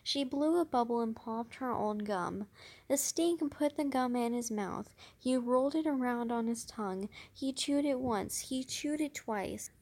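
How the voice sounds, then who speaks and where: A woman narrating a children's book in a slow, careful read-aloud. She often stumbles and restarts words, and her voice sits a little high. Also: a little mellow. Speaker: reader.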